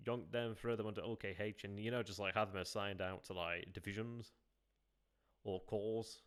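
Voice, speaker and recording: A man streams a strategy game, thinking aloud in a lowish, steady, slightly bright and clean voice at normal speed. He mutters, questions himself, and repeats phrases as he reacts, chatting with viewers between moves.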